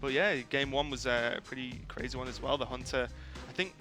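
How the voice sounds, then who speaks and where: A man's voice: mid-range voice, steady tone, sharp tone. Chatty male esports caster over music. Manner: quick, chatty play-by-play with many fillers. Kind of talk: live esports commentary. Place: tournament venue.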